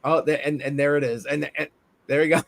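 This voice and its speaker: A man's voice: on the high side, flat delivery, brisk, creaky. A man with a New England accent hosting a loose, casual livestream chat, rambling, repeating himself and laughing often. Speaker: host.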